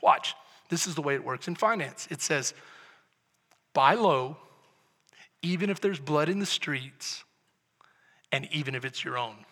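High, bright-voiced preaching pastor. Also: male voice, animated, measured pace, long pauses. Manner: builds from quiet talk to shouted preaching. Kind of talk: sermon. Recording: echoey hall with long reverb.

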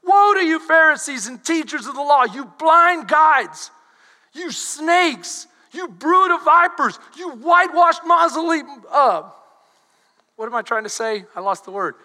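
A pastor preaches in an animated, rising style, bursting into shouts as he quotes. His voice is unusually high and piercingly bright. A long reverb trails him through the hall. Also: a little slow. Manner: animated, switches to shouting when quoting. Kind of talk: sermon.

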